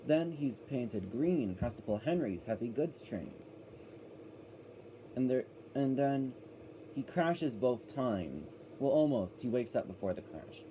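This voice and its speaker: A man's voice: mid-range voice, big pitch swings, a little slow, warm tone, slight background noise, rough recording. A man giving a casual, rambling review of a children's cartoon, often correcting himself as he goes.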